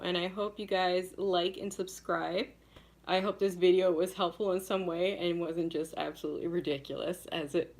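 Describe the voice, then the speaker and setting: A woman hosting a casual live-stream chat at home alone, a rambling storyteller who keeps breaking into giggles. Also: on the low side.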